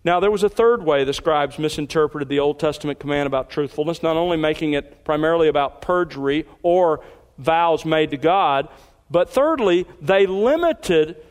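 A man's voice: a little high, big-room sound. A man preaching an expository sermon, reading scripture aloud and pressing key points with emphatic rises. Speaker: pastor.

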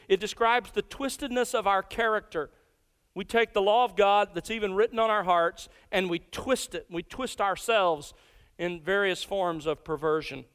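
Clear-voiced male preacher in a hall. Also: sits high, fairly bright tone. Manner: deliberate, slows to stress key words. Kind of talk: expository sermon.

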